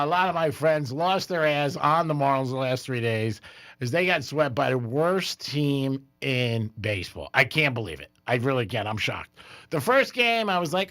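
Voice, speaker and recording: A man's voice: mid-range voice, pushed and bright, dry recording. A man hosting a sports radio show in casual, joking banter, laughing often on a studio microphone. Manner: joking, laughs often, talks about betting. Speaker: radio sports talk host.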